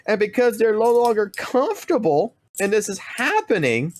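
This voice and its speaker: A man's voice: high voice, very animated, moderate pace. A man streaming games, ranting heatedly in casual commentary and swearing constantly. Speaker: gaming streamer.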